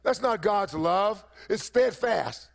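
A man's voice: high voice, animated, slow pace, gravelly. A man preaching a sermon as pastor, emphatic and repeating phrases for effect.

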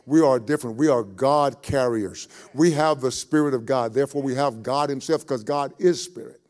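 A man's voice: medium pitch, moderate pace, darkish tone. A man preaching a sermon as a pastor, folksy and repeating phrases for emphasis.

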